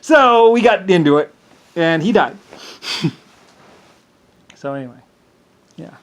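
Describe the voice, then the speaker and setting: A man talks in a loose, rambling monologue, his voice sitting a little higher than most men's. He stops and starts, repeats words, fills the gaps with "um" and "like", and lets out small chuckles as he goes. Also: expressive. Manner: halting, repeats words, many fillers, chuckles often.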